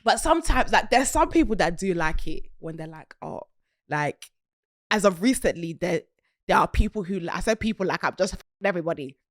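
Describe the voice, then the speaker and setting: A British woman hosting a casual chat, her voice swinging lively up and down as she giggles through her stories. The sound is close and dry, with no room around it. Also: lowish voice, fairly quick, no room sound. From Britain. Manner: giggly, animated, bursts of laughter. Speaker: podcast host.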